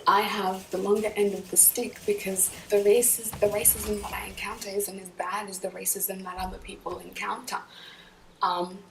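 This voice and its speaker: A woman recounting personal experiences in an earnest, animated way. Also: mid-range voice, moderate pace, vocal fry. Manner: earnest, animated, acts out other voices. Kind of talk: personal storytelling. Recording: echoey room, distant from the mic, faint noise.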